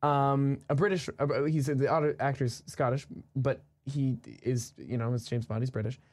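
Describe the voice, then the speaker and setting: A man's voice: medium pitch, steady tone, normal speed, darkish tone. A young man co-hosting a podcast in casual chat, rambling with lots of fillers and restarts. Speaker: podcast co-host.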